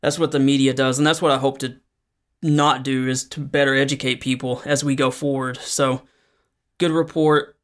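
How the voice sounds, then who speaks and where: A man's voice: medium pitch, flat delivery, moderate pace. A man hosting a solo podcast, explaining current affairs in a conversational way with frequent fillers. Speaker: podcast host. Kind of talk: solo news commentary podcast.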